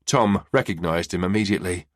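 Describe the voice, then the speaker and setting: A man narrating a crime thriller audiobook in a measured, even way. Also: deep voice, dry recording, studio quality. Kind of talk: scripted narration.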